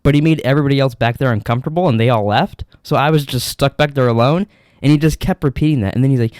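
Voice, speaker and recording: A man's voice: mid-range voice, racing, darkish tone, no echo, clean studio sound. A young man co-hosting a podcast, telling rambling, profane stories in casual chat. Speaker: podcast co-host.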